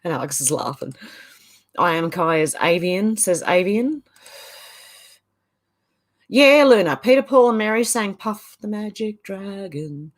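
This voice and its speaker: A woman's voice: medium pitch, a little slow. A middle-aged woman hosting a casual livestream, chatting and laughing as she reads viewer comments aloud. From Ireland. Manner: chatty, laughs often, sing-song reading of chat comments. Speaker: livestream host.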